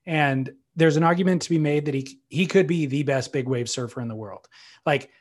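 A man co-hosting a podcast, chatting casually about surfing in a relaxed, teasing way. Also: a little high, a little fast. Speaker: podcast co-host. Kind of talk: casual surf talk chat.

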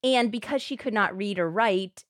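A woman co-hosting a podcast, telling a true crime story in an animated, expressive way. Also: medium pitch, normal speed, dry recording, studio quality. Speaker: podcast co-host.

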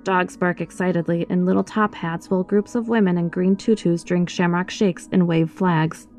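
Reading at a moderate pace in a fairly low voice, a woman performs a scripted first-person horror story expressively, accompanied by faint music.

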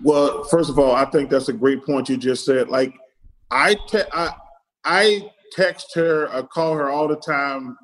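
A man's voice: mid-range voice, unhurried, poor audio. A middle-aged man from Alabama, telling casual stories as a podcast guest, acting out dialogue and repeating "I said". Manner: retells stories in quoted dialogue, keeps repeating "I said". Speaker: podcast guest, former pro athlete. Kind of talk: casual storytelling.

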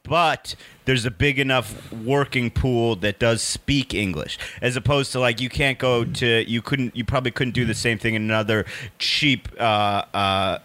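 Bright-toned man explaining calmly. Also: medium pitch, normal speed, few pauses. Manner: explains calmly, stumbling and restarting, the reasonable one. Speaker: podcast co-host. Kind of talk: casual comedic podcast banter.

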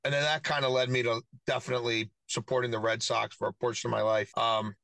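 Relaxed rambling man talking from his car. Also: mid-range voice, quick pace, gravelly, no echo. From Baltimore. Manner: relaxed, rambling, often says "you know what I mean". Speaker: sports reporter guest. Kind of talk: casual interview chat. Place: parked car.

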